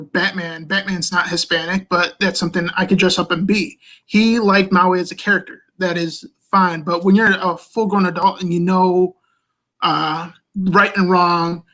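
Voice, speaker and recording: Guy on a video call panel, relaxed, rambles, lots of uh and you know. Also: high-pitched.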